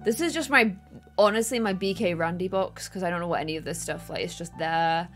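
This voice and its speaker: A young woman chatting casually and excitedly while playing a co-op farming game with friends. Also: lowish voice, fairly quick, faint music behind. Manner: bubbly, excitable, giggly. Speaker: gaming streamer. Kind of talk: casual co-op gameplay chat.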